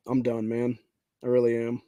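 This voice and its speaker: A man's voice: medium pitch, warm tone, smooth, dry recording. A man hosting a political podcast, ranting angrily and profanely, often saying "dude", and reading headlines aloud. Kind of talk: angry political rant.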